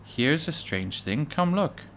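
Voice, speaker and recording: A man reading aloud, voicing a stern pioneer father in plain, measured speech. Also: on the low side, a bit bright, slight background noise. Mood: excited.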